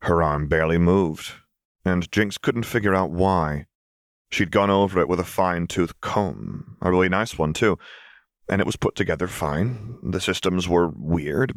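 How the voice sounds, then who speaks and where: A man reading fan fiction aloud as an audiobook narrator, in a calm, measured storytelling manner. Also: sits low, gravelly, no room sound, clean studio sound.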